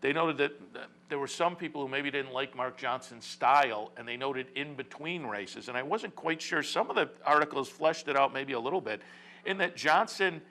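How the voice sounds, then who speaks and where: A man hosts a horse racing radio talk show in a loose, casual way, full of fillers and restarts. His voice sounds bright and forceful. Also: mid-range voice, moderate pace. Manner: rambling, many fillers and restarts.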